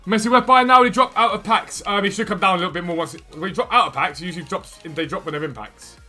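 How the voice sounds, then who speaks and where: A man hosting a gaming livestream, chatting quickly and enthusiastically as he trades and answers questions from chat. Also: high-pitched, pushed and bright, soft background music. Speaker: gaming streamer and video host. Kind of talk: casual livestream chat while trading in a football game. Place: room at home with a door.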